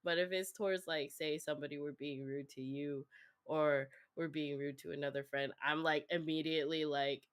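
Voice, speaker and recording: A woman's voice: low-pitched, steady tone, normal speed. A woman streamer chatting casually with a guest, laughing often and restarting her sentences.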